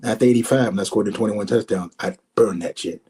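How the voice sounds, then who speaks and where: Man in his 60s, podcast guest, emphatic storyteller who repeats himself and acts out old conversations; husky, mellow tone. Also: on the low side, quick pace. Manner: emphatic, repeats words, acts out quoted exchanges. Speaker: guest, former pro running back.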